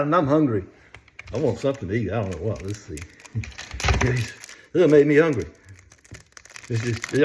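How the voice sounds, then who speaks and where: An older man with a drawl talks through stocks in a folksy, easygoing way. He chuckles often between phrases. His pitch rises and falls a lot as he talks. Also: noisy background. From North Carolina, US. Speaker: stock market vlogger. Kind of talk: casual stock chat.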